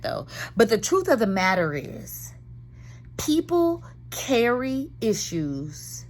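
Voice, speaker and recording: A woman in her thirties talking candidly and dramatically to viewers about therapy, full of slang, recorded in her car. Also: mid-range voice. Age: 30s. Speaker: vlogger. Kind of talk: casual chat.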